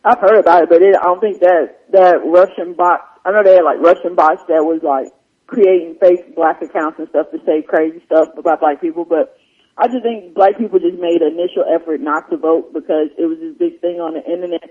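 A man's voice: fairly high pitch, steady tone, a little fast, a little mellow, slightly rough, dull audio. A man joining a radio show, talking loosely in a rambling, restart-heavy way. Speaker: radio co-host. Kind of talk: casual on-air discussion.

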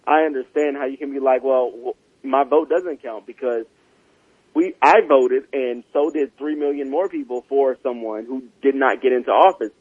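A man's voice: mid-range voice, moderate pace, a little mellow, husky, dry recording. Guy from south carolina pleading earnestly on a radio show, dry tinny phone-like sound.

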